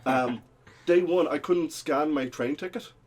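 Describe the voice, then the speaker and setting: A man's voice: on the high side, a little slow, a little hiss or hum. Rambling young Irish man telling stories. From Ireland. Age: young adult. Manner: rambling anecdotal storytelling with many fillers. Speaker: podcast co-host. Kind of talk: casual chat.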